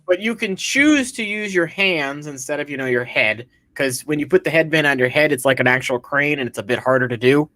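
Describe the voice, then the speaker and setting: A man's voice: a little high, animated, fairly quick, few pauses, pushed and bright, dry recording. Male co-host, laid-back explainer, reads text aloud; dry close recording. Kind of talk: casual chat.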